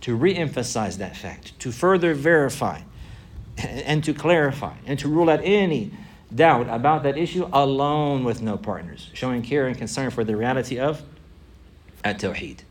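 A man teaching a religious lesson, repeating key phrases for emphasis and reciting Arabic phrases quickly. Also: mid-range voice, expressive. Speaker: Islamic teacher.

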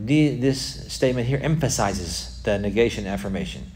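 A man's voice: mid-range voice, lively intonation, moderate pace, darkish tone. A man teaching a religious class, repeating key phrases for emphasis and putting questions to his students. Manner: quizzes the class.

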